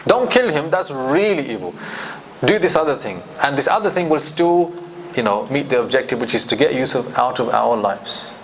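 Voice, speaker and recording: A man teaching a scripture commentary lesson in a lively way, acting out quoted speech and reciting Arabic verses. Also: mid-range voice, moderate pace, vocal fry, a little hiss or hum.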